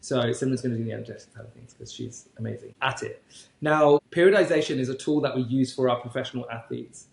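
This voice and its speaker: Wry teasing guy cohost, gravelly, echoey room. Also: medium pitch, fast talker. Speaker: podcast co-host. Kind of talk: casual chat.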